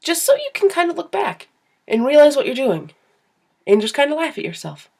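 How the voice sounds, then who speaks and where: A young woman with a somewhat high voice chats to her camera. She rambles through her stories in an animated, self-deprecating way. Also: brisk, creaky. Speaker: vlogger. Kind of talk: casual storytelling to camera.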